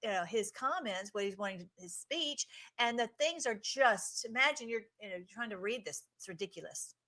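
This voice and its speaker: A woman's voice: medium pitch, sharp tone. A woman hosting a casual livestream, commenting on clips in an effusive, emotional way with many restarts.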